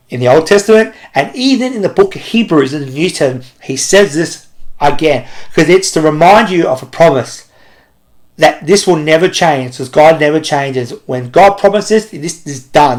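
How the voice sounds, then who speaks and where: A young adult man leading a children's ministry talk, telling a story with frequent laughter. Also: fairly high pitch. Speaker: kids club leader.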